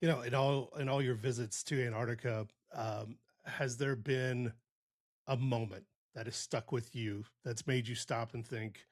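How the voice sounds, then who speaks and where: A male interview host asks his questions slowly and deliberately. His pitch sits in the middle range, and his manner is measured and thoughtful. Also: fairly even intonation.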